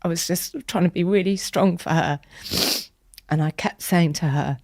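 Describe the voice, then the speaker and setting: A woman, a podcast guest telling an emotional personal story in an earnest, tender way that sometimes drops to a soft whisper. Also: on the low side, moderate pace, no room sound, studio quality.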